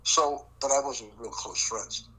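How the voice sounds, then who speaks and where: A man's voice: medium pitch, a little slow, fairly bright tone, a little hiss or hum, low-quality recording. An older man, a former prosecutor recounting a case in an interview, emphatic and acting out the dialogue. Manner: emphatic, acts out quoted dialogue. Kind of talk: storytelling interview.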